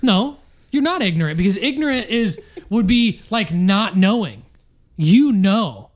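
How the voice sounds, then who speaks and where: A man's voice: high-pitched, very animated, unhurried. A man co-hosting a podcast in casual chat, blunt and exasperated, swearing often. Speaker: podcast co-host.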